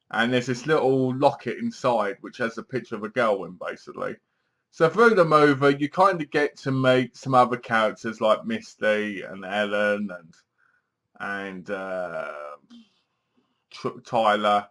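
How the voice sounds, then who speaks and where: A man's voice: mid-range voice, sharp tone. A man giving a casual, rambling film review, leaning on filler words and restarts.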